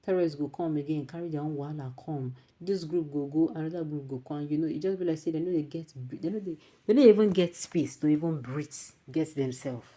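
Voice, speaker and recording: A woman with a Nigerian accent presenting news commentary, mixing Pidgin into animated remarks and reading out viewer comments. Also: deep voice, fairly quick, few pauses.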